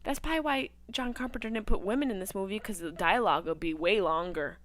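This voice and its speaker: A woman hosting a live movie watch-along, riffing with crude jokes and swinging between loud outbursts and hushed asides. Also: mid-range voice, quick pace, dry recording. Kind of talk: casual riffing commentary over a film.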